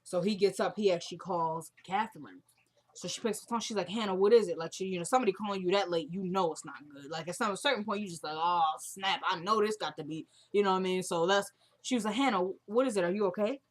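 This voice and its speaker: A woman's voice: mid-range voice, quick pace. A young woman casually recapping a TV drama episode, retelling scenes and quoting the characters in a chatty way.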